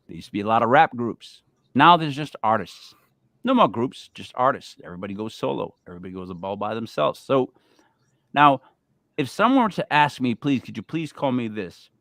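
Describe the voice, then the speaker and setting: A man's voice: mid-range voice, lively intonation, fairly quick, fairly bright tone, dry recording. A man hosting a casual podcast chat, talking emphatically and repeating words as he makes his point. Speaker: host.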